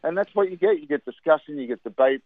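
A man's voice: a little high, lively intonation, quick pace, gravelly, no echo. Australian male football pundit phoning into radio, chatty, dry tinny line. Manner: chatty, repeats words for emphasis. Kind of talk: phone-in radio sports chat.

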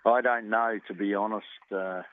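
A man's voice: lowish voice, steady tone, normal speed, no room sound. A man who trains horses, answering a radio interview by phone in short, plain-spoken replies with many fillers. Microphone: telephone. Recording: tinny dry phone line.

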